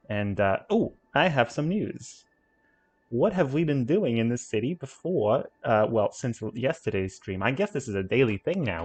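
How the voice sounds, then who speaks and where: A man hosting a game stream in casual chat, playfully trying out accents. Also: mid-range voice.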